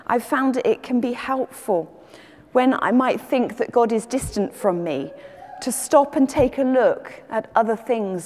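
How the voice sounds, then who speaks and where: Woman preacher, calm teaching sermon, mid-pitched, long reverb. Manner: measured, gentle teaching delivery.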